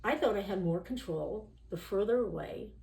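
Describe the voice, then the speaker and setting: A woman speaks at a moderate pace in a mellow, mid-range voice with vocal fry. Guesting on a podcast, she tells her own story in a frank, rambling manner full of "you know" and "like," often acting out the voices of people she quotes, with the room's echo audible.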